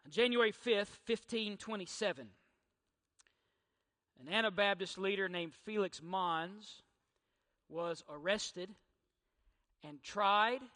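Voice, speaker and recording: Pastor, middle-aged man, bright and forceful, repeats lines for emphasis. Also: high-pitched, slow, pauses often. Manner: emphatic preaching with rhetorical questions and repetition. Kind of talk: sermon. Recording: church hall reverb.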